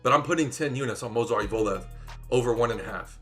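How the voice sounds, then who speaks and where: A man talks fight bets with loud, swearing excitement, often rising into shouts. His voice is bright and forceful, with faint music playing underneath. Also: medium pitch, fast talker. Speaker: podcast co-host, betting analyst. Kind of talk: hyped casual sports betting talk.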